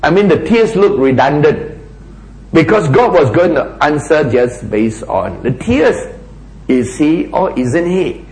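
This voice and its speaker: A man preaching a sermon, asking rhetorical questions and dropping to a hushed voice for emphasis. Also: fairly high pitch, expressive, a little slow, reverberant, rough recording.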